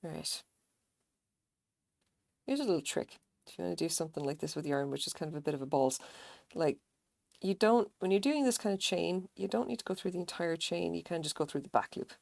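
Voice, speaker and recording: Woman streamer, low gravelly voice, dry close sound, chatty and salty, talks herself through crochet rows. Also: brisk, a little mellow, no room sound. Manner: chatty, swears casually, mutters pattern notes to herself. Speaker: crochet livestreamer. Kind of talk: casual live-stream chat while crocheting.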